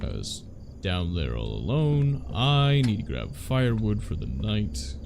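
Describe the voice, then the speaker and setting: A male streamer narrates his gameplay and chats loosely with viewers, rambling and filling gaps. His voice is gravelly and unhurried, swinging widely in pitch. A faint hiss sits behind the recording. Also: wildly swooping pitch, music in the background. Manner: chatty, rambling, with frequent fillers. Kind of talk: live gameplay commentary.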